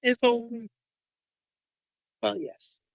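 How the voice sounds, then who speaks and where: A co-host in a casual podcast chat, talking at an easy, slow pace. The jokes are dry and self-mocking. The sound is close and dry. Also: mid-range voice, lively intonation, dry recording. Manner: self-deprecating joker.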